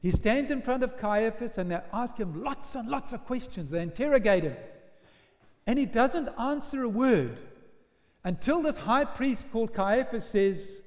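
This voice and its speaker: A man preaching with an animated storytelling manner, slipping into the voices of his characters. His voice sits high for a man. It rings out in a church with a long, echoing reverb. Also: moderate pace. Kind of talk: sermon.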